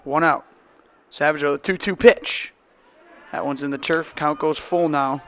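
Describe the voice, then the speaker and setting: Calling a high school softball game play-by-play, the young announcer keeps a brisk pace with fairly even intonation, though his voice jumps sharply when big plays happen.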